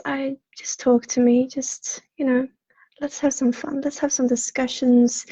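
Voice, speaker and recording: A woman with a Swedish accent, a psychic counselor chatting on a livestream in a soft, apologetic, halting way with many fillers. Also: sits high, level tone, slightly rough, no room sound. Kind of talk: casual livestream chat. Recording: dull lo-fi livestream audio.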